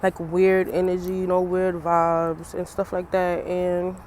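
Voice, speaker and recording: Slow, chatty young woman vlogging outdoors. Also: fairly low pitch, monotone, a little mellow, slight background noise. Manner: chatty, loose, laughs often. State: eyes swollen from crying. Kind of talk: casual personal vlog. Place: outdoors in the cold.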